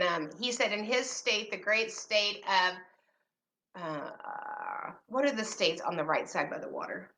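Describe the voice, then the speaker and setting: Her voice sits in the mid-range with a sharp tone. A middle-aged special education advocate, she hosts a parents' rights show and speaks casually to camera, full of teasing, sarcastic asides.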